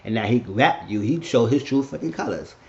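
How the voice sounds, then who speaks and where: A man's voice: medium pitch, animated, fairly quick, a little mellow, lo-fi sound. A man giving a casual spoken recap as a show reviewer. He talks in a loose, rambling way and swears freely.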